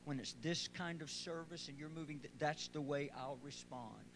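A pastor preaches to his church in a high voice, starting quiet and conversational before rising to loud, shouted praise. The recording is noisy, with a steady hum behind him. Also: normal speed. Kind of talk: sermon. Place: church sanctuary.

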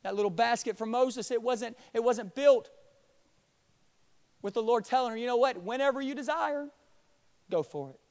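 A young man preaching a sermon in a church, swinging from hushed, quiet passages to loud, impassioned pleading. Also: extremely high pitch, normal speed, pauses often. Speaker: pastor. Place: church sanctuary.

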